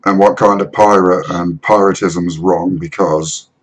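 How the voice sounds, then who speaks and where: A man's voice: sits low, fairly even intonation, a little slow, slight background noise, poor audio. A man co-hosting a podcast in casual chat, chiming in and building on his partner's points. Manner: interjects and builds on the other speaker's points. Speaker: podcast co-host.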